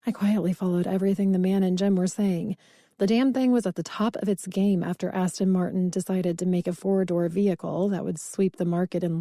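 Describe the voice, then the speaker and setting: A woman narrating a first-person romance audiobook in an expressive, conversational way. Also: fairly low pitch, no room sound, clean studio sound.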